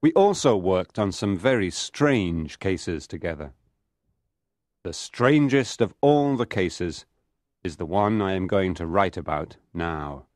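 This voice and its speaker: Deep-voiced male story narrator. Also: very animated, slow pace, darkish tone, no room sound, studio quality. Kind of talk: scripted story narration for English learners.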